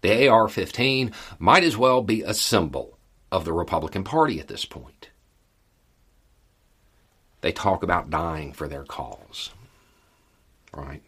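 A man with a very deep, husky voice talks through the news in a folksy, conversational way. He leans on repeated phrases for emphasis and keeps an easygoing commentator's tone. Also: lively intonation, a little slow, pauses often, a bit bright. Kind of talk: casual political commentary.

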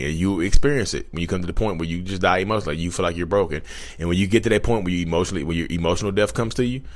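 A man hosting his own channel, talking casually to viewers, chatty with frequent restarts. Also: deep voice. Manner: restarts often, chatty, addresses viewers as y'all. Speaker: podcast host. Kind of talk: casual talk to camera.

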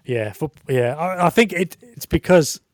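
A man's voice: fairly high pitch, lively intonation, a little slow, dry recording, clean studio sound. A man chatting casually on a podcast, rambling and self-deprecating. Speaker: podcast co-host. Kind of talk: casual chat.

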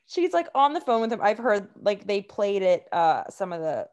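A woman co-hosting a casual podcast, chatty and exasperated, with her sentences full of "like" and "um". She talks at an ordinary middle pitch and tells a story in a loose, conversational way. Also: sing-song, moderate pace, a little mellow. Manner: chatty, heavy on fillers like "like" and "um"; openly exasperated about the subject. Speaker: podcast co-host. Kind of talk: casual true-crime podcast chat.

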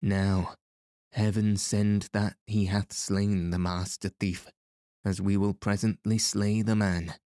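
A man's voice: lowish voice, level tone, takes it slowly, dark tone, no room sound, studio quality. A man voicing a cruel middle-aged male sheriff who speaks in a commanding, gloating way.

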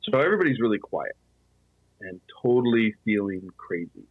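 A man with a husky, low voice tells a story in a loose, chatty way, peppered with "you know." The sound is flat and dull, like a lo-fi recording in a dead, dry space. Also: normal speed, no echo. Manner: conversational, fillers like "you know". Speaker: podcast guest telling a ghost story. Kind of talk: casual storytelling.

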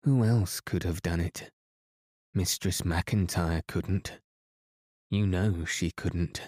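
A man's voice: low voice, slow pace, a little mellow, no room sound, clean studio sound. A man voicing a frightened teenage girl. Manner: trembling, stammering.

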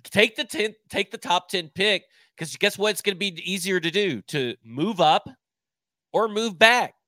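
A man's voice: sits high, expressive, measured pace, sharp tone, dry recording. A man co-hosting a casual sports podcast, giving blunt, emphatic opinions. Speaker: podcast co-host.

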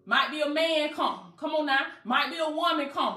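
A woman's voice: high-pitched, animated, moderate pace, pushed and bright, roomy sound, soft background music. A woman coach preaching motivationally, emphatic and colloquial, with call-and-response phrasing. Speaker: life coach.

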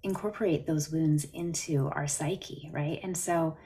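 A woman's voice: low voice, steady tone, measured pace, warm tone. A woman from Canada, a therapist, talking earnestly on a podcast interview over a video call. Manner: earnest, explanatory, story-telling. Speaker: therapist guest.

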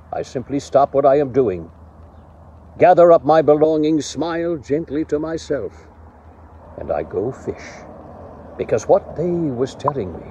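A man's voice: medium pitch, mellow, lo-fi sound, slight background noise. A man delivering a grand, mock-solemn story as a recorded guest message.

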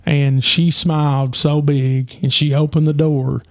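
A man telling a rambling personal story with lots of fillers, his voice getting hoarse. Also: on the high side, flat delivery, a little slow, no echo, studio quality. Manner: rambling, many fillers and restarts. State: losing his voice. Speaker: podcast host. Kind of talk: casual storytelling.

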